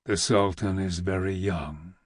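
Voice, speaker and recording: A man reading an audiobook, voicing a polite, quiet investigator of forty who speaks deferentially. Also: deep voice, steady tone, a little slow, breathy edge, dry recording, clean studio sound. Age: 40s.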